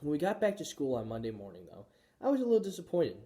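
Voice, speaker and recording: A male teacher reads a children's chapter book aloud, telling the story expressively. His voice is mellow and warm, with a pitch that moves in a lively way. It sounds like a read-aloud for young listeners. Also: fast talker.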